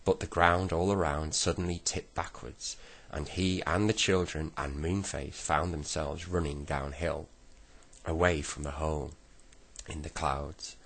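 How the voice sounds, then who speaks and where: A man reading a children's storybook aloud slowly and gently. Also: a bass voice, steady tone, gravelly. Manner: slow, gentle storybook reading with voiced characters. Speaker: reader.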